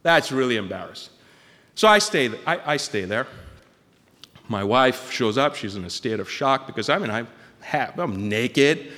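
A man telling a personal story in an animated, comic way, often restarting his sentences. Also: medium pitch, a little slow, in a large hall.

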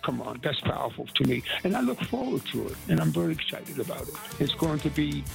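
A man's voice: a little high, very animated, fast, vocal fry, loud music behind the voice, rough recording. A man in his eighties from North Carolina, telling heartfelt stories in an earnest interview. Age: 80s. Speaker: musician and activist.

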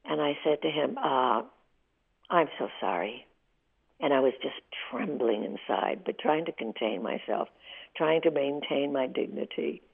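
An older woman in her eighties tells emotional stories vividly in a candid interview. Her voice sits low and has a gravelly edge. It comes through a thin, tinny phone line. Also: lively intonation, moderate pace. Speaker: interview guest.

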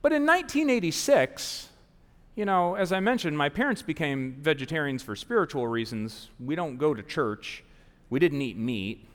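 A lively man in his forties from the American South tells a story live on a big theater stage, his pitch rising and falling a lot as he acts out the people in it. His voice sits a bit high for a man. The hall adds a long, ringing reverb. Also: normal speed. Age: 40s. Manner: animated, self-mocking, acts out quoted people. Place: large theater stage before an audience.

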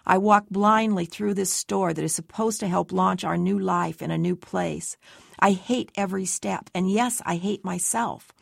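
A woman's voice: mid-range voice, normal speed, vocal fry, dry recording, studio quality. A woman giving tense, anxious first-person story narration as an audiobook narrator.

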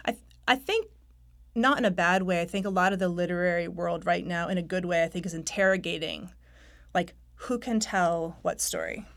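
A woman's voice: fairly low pitch, normal speed, a bit bright. A woman from North Carolina who has lost her accent, a novelist telling stories in a candid, self-deprecating radio interview and laughing often. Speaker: novelist guest.

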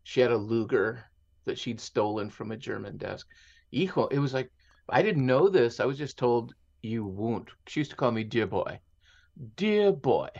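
A man's voice: mid-range voice, normal speed, vocal fry, darkish tone, muffled recording. A man telling stories as an interview guest, reflective and conversational, slipping Spanish words into his English. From Mexico and San Diego. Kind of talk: conversational storytelling.

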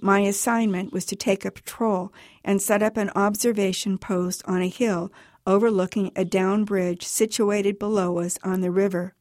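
A woman author reading her own personal account aloud for radio in a measured, even storytelling manner. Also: medium pitch, dry recording, studio quality.

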